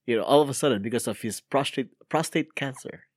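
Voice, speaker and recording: A man's voice: medium pitch, fast talker, no echo, clean studio sound. A man co-hosting a casual podcast, sharing odd news stories with many fillers and laughs. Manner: laughs often, trailing fillers. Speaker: co-host reading news items.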